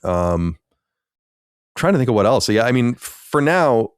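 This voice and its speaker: Speaking a little slowly, this male podcast co-host has a smooth, medium-pitched voice with big pitch swings. His casual chat rambles, full of restarts and fillers, in a clean studio recording with no room sound.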